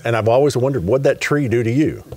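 A man from West Texas, a guest minister, teaching scripture conversationally with an earnest, affirming manner, often dropping to soft murmurs of agreement. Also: medium pitch, fast talker, husky, no room sound.

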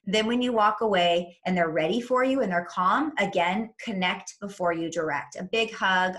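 Woman, parenting coach, podcast interview, instructive, upbeat, medium pitch. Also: normal speed, hardly any pauses, a bit bright. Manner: upbeat, instructive, acts out what parents say to kids.

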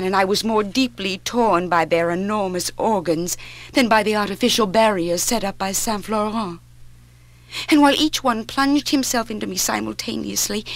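An actress playing a young woman who narrates her own ordeal in a steady, grave voice, in a 1960s spoken-word drama recording. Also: medium pitch, lightly acted.

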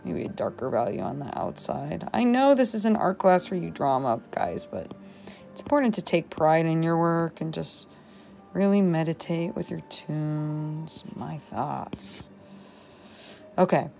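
A woman's voice: low voice, expressive, measured pace, gravelly, darkish tone, faint music behind. A woman teacher thinking aloud as she writes a journal entry for her students, musing and talking to herself. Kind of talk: thinking aloud while writing a journal demo.

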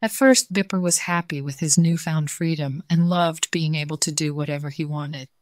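A woman reads a children's story in a calm, even way. Her voice sits a little low, and the recording is dry and close with no room sound. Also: normal speed, dry recording.

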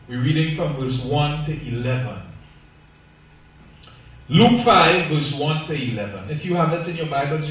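A man's voice: on the high side, fairly bright tone, a little hiss or hum. A man preaching a sermon as pastor, emphatic and stressing single words, recorded from a distance in a church. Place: church sanctuary. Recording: echoey church, voice from far off.

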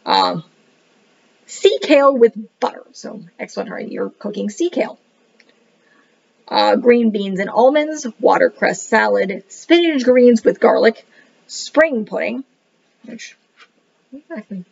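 A woman chats through a book review in a gravelly, husky voice whose pitch swings widely. She rambles and thinks out loud as she goes. The recording sounds dull and lo-fi. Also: lively intonation, measured pace, long pauses. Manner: rambling, thinking aloud, says "what the heck" a lot.

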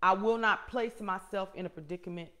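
Host, woman, middle-aged, emphatic preachy testimony, loud to hushed, medium pitch. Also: a little fast. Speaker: host and motivational speaker.

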